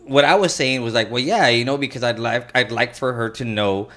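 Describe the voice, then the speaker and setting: A man co-hosting a podcast, explaining his view in a relaxed, casual way. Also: medium pitch, brisk. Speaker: podcast co-host. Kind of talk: casual chat.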